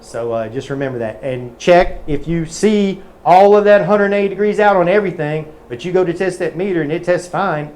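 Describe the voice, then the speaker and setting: A man's voice: high-pitched, a little fast, hardly any pauses, a little mellow. A man teaching a technical webinar in a casual, folksy way with many fillers. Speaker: metering trainer. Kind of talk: webinar teaching and joke-telling.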